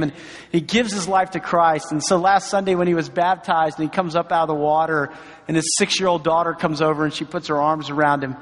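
A middle-aged man preaches to his church, his voice pitched high for a man. He tells stories in an earnest, encouraging way, dropping in asides as he goes. The sound rings with the long reverb of a large sanctuary. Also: fairly even intonation, a little fast. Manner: storytelling, earnest and encouraging, many asides like "right?" and "you know". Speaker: pastor. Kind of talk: sermon.

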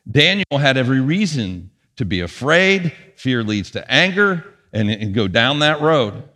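A man preaching a sermon as pastor, with punchy emphasis that drops to quiet asides. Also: mid-range voice, big-room sound. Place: church sanctuary.

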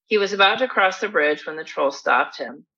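Bright-toned woman narrating a story. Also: fairly low pitch, expressive, moderate pace, breathy edge. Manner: dry, mock-formal storytelling. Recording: dull lo-fi recording.

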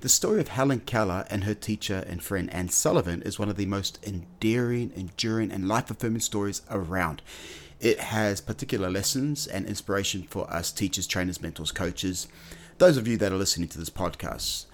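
A man's voice: on the low side, fairly quick. A man hosting an educational podcast, telling a story in an earnest way with the odd filler word. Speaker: podcast host.

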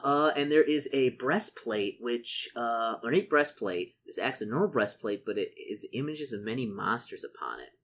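A man playing a solo tabletop adventure, reading out the rules and shop lists and doing his sums aloud, easily excited. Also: mid-range voice, normal speed, few pauses. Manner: excitable, muttering calculations. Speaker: solo tabletop game player. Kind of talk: casual narration of a solo gamebook.

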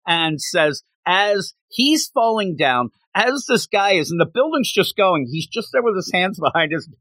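Man, casual podcast chat, lively swooping pitch, slightly high voice, dry close sound. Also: a little slow, no room sound. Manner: animated storytelling, acts out characters' lines, laughs often. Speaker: comic book podcast co-host. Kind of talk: casual chat recapping a comic.

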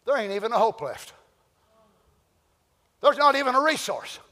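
High-voiced shouting preacher in a reverberant hall. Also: male voice, sing-song, normal speed. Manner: emphatic preaching that swings from hushed to shouting. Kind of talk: sermon.

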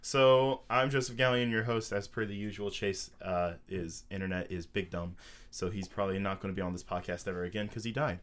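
A man's voice: lowish voice, fairly even intonation, fairly quick, a bit bright. A young man hosting a casual podcast, teasing his friends and joking around. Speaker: podcast host.

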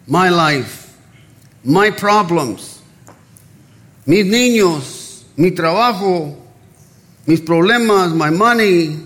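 A male pastor preaches slowly from the pulpit in a church, his voice sitting a little high. He mixes Spanish phrases into his English. When he tells a joke, he acts out the speakers' lines. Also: fairly bright tone. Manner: storytelling, acting out dialogue in the joke. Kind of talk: sermon with a told joke.

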